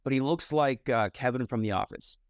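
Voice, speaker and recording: A man's voice: mid-range voice, a little fast, clean tone, no room sound, clean studio sound. A young American man, a mindset and fitness coach, candidly telling his life story in a podcast conversation, rambling with lots of "like" and "you know". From United States.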